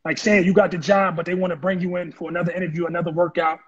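Guy talking fast and high, husky voice, kinda dull lo-fi sound, telling a story all animated. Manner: animated, acts out quoted voices. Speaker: interview guest, former football player. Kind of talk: casual storytelling.

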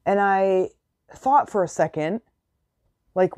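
A woman's voice: on the low side, unhurried, darkish tone. A middle-aged woman hosting a motivational podcast, talking in a chatty, rambling way with lots of fillers. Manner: chatty, rambling, many "like" and "you know" fillers. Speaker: podcast host. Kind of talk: casual motivational monologue.

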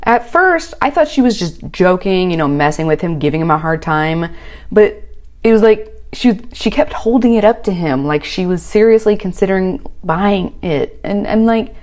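A woman's voice: mid-range voice, animated, moderate pace, darkish tone. A woman hosting a reaction channel, recapping a reality show with sarcastic, exasperated commentary.

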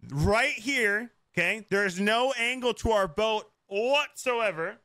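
A man's voice: high-pitched, slow pace, sharp tone, a little hiss or hum. A man in his thirties chatting over a headset while playing a game online, boisterous and gloating, laughing often. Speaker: gamer and video host. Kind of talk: excited voice chat during gameplay.

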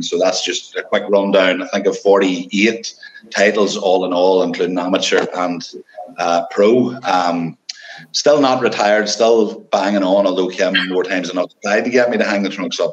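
A man in his forties with an Irish accent, a bodybuilding trainer and judge answering questions quickly in a live Q&A. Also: low voice, lo-fi sound. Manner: talks fast.

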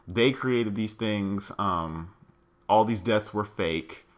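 A man's voice: fairly low pitch, takes it slowly. A man giving let's play commentary, thinking aloud to his viewers as "guys" and crying out in alarm at what he finds. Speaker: gaming channel host.

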